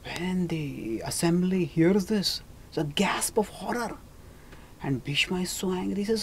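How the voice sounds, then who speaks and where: A religious teacher retelling scripture in a lecture, speaking haltingly with restarts on names and quoting the characters. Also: medium pitch, slight background noise.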